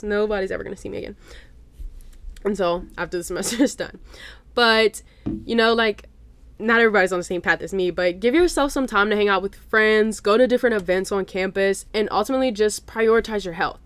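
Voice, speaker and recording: A woman's voice: fairly high pitch, smooth, dry recording. A woman in her twenties hosting a casual solo podcast, chatty and full of "like" and "y'all". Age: 20s. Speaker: podcast host.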